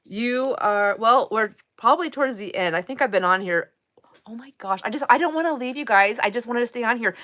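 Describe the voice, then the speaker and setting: A woman's voice: a little high, fairly quick, a bit bright. Woman host, middle-aged, chatty live-stream talker with easy laughter. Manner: chatty, laughs often, restarts sentences. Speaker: livestream host. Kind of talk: casual live-stream chat.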